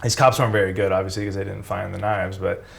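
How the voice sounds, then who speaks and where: A man's voice: deep voice, flat delivery, fast, vocal fry. A man in his forties, a former pro wrestler, casually telling road stories, laid-back and swearing freely.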